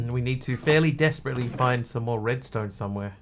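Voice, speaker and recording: A man's voice: medium pitch, fairly quick, slight background noise. A man streaming a video game live, rambling, telling jokes and talking to his chat. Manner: rambling, joking, talks to chat.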